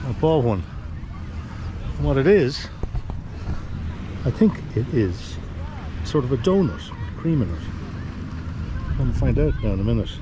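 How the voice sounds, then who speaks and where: A middle-aged Irish man talks casually into a handheld action camera, rambling along with fillers. He is outdoors on a busy street. Clear traffic and street noise sits behind his voice. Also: medium pitch, sing-song, unhurried, long pauses. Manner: chatty and easygoing, rambling with fillers. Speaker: travel vlogger.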